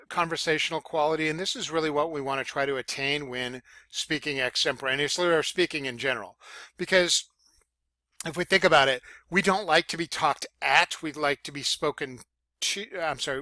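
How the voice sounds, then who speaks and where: A man teaching public speaking in a casual lecture, with fillers and self-corrections, demonstrating loud, soft, high and low voices as he explains. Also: steady tone, normal speed, dry recording. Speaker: college speech instructor. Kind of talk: recorded lecture.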